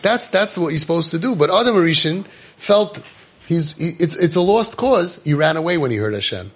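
A husky, higher-leaning male voice at normal speed belongs to a Torah teacher giving a class. He reads Hebrew verses before explaining them in English, and asks his listeners one rhetorical question after another in an animated style.

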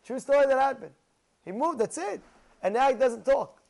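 A man's voice: very high-pitched, moderate pace, vocal fry. A man teaching a Torah lesson, telling stories with frequent laughs and questions to his listeners. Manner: lively storyteller who laughs often and asks questions.

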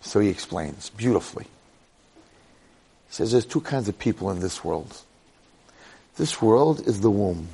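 A man giving an animated storytelling Torah lecture, repeating phrases and checking in with the listeners. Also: lowish voice, unhurried, gravelly, long pauses, breathy edge.

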